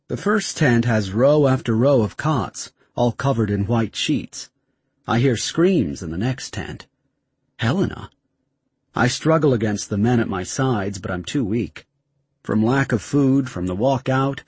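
Husky, dry-sounding male narrator for a tense first-person story. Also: medium pitch, a little mellow, no echo. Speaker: audiobook narrator.

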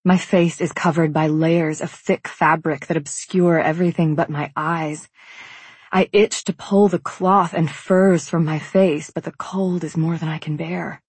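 A woman narrating a first-person fantasy novel in a calm, reflective way. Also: sits low, a little slow, slightly rough, no room sound. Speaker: audiobook narrator.

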